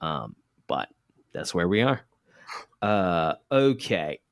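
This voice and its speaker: A man's voice: deep voice, slow, no room sound, clean studio sound. A man co-hosting a podcast, recapping a TV episode in casual chat with a joking manner. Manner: lively, jokey, laughs often. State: hiccuping.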